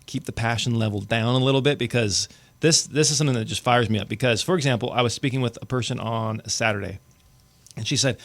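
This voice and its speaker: A man in his thirties, a realtor co-hosting a casual podcast, talking in an animated, chatty way. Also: medium pitch, fast talker, dry recording. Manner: animated, talkative storyteller.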